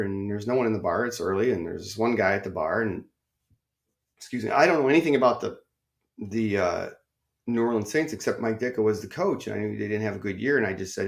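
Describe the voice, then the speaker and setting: A middle-aged man from northern Illinois hosting a podcast, telling a story in a chatty, excitable, rambling way. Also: mid-range voice. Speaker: podcast host. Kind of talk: casual storytelling.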